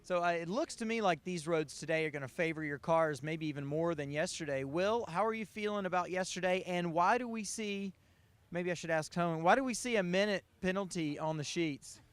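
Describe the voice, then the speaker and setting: A man's voice: high voice, fairly quick, smooth, no echo. A man hosting a rally show, chatting upbeat with teams at an outdoor car display. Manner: upbeat, chatty, laughs easily. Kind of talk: roving interviews at a fan event.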